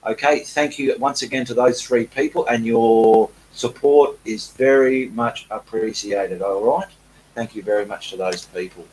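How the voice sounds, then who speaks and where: A man's voice: medium pitch, unhurried, a little mellow, a little hiss or hum, low-quality recording. A middle-aged Australian man with an Australian accent, an artist chatting casually on a live stream and reading out viewer comments in a self-deprecating way.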